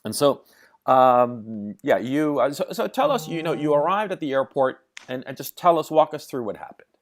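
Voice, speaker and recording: A man's voice: medium pitch, lively intonation, normal speed. A man interviewing a guest, asking careful questions and checking the timeline of events. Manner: methodical, checks facts and timeline.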